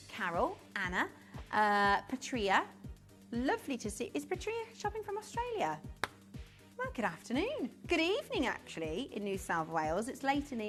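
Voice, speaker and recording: A woman chats through a live TV shopping segment with a bubbly, giggly ease. Her pitch swings widely as she talks, and soft music plays faintly behind her. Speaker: shopping channel presenter. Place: TV studio.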